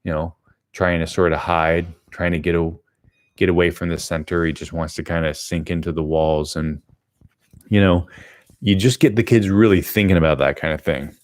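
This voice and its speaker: A man's voice: low voice, steady tone, moderate pace. A middle-aged man teaching an art lesson live, thinking aloud as he draws, rambling with many fillers.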